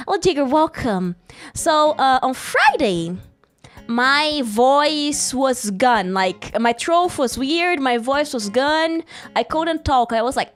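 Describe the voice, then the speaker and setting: A woman's voice: sits high, lively intonation, slow pace, faint music behind. A woman streamer in casual livestream chat, rambling and giggly, greeting chat mid-story, still getting over a sore throat and cough.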